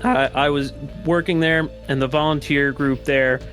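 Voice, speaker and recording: A man's voice: on the high side, fairly even intonation, normal speed, fairly bright tone, soft background music. A man guesting on a podcast, telling a story in a casual, rambling way with lots of fillers, restarts and swearing.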